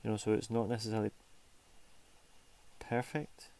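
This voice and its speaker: A man's voice: on the low side, level tone, normal speed, gravelly, darkish tone. A man casually talking through his drawing process on a stream, rambling and interrupting himself, sometimes dropping to a near whisper. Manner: rambling, self-interrupting, chatty. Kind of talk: casual narration while drawing.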